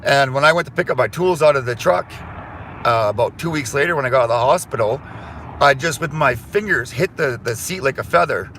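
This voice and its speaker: A man's voice: medium pitch, expressive, a little fast, a bit bright, a little hiss or hum. A middle-aged man from Canada chatting casually to his viewers while driving, easygoing and rambling. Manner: easygoing, rambling, swears and apologizes. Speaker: vlogger. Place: inside a car.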